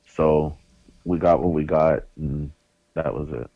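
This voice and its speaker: A man's voice: extremely low pitch, steady tone, takes it slowly, creaky, dry recording. A man co-hosting a podcast, talking bluntly and emphatically with a lot of swearing. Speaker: podcast co-host. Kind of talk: casual wrestling review chat. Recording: dry, dull lo-fi mic.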